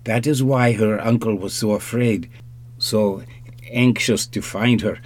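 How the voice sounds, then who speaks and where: A man's voice: lowish voice, steady tone, measured pace, darkish tone, a little hiss or hum, natural voice. A man voicing a stiff, nervous young foreigner. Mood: formal, earnest. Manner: stiff, formal speech with a slight accent.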